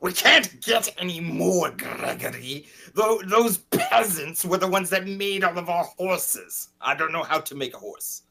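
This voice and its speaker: A woman's voice: on the low side, lively intonation, unhurried, hardly any pauses, fairly bright tone, heavily acted. A woman playing an exasperated royal elder. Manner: exasperated, scolding. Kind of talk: improv comedy scene.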